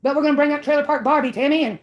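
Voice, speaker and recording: The lo-fi sound carries a high, rapid-fire voice as a Mississippi woman rants on her channel. Her call-out is mocking and combative.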